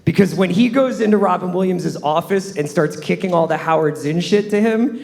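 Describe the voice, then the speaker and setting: A man's voice: high-pitched, a little fast, creaky, darkish tone. A man on a live podcast panel, chatting casually and joking, making wry takes. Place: live stage in a concert venue.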